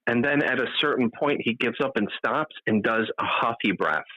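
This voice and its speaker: A man's voice: medium pitch, normal speed, pushed and bright, no echo, lo-fi sound. A man co-hosting a casual podcast chat, laid-back and sweary, laughing often. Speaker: podcast co-host.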